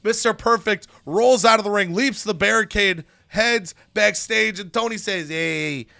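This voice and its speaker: A man's voice: sits high, normal speed, vocal fry, sharp tone, no room sound, studio quality. Man narrating a wrestling game story. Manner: dramatic, wrestling-commentary storytelling.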